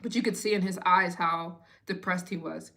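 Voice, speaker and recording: Chatty lower-voiced young woman. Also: normal speed. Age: 20s. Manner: chatty, expressive storytelling. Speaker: travel vlogger hosting a live Q&A. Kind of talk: casual live chat.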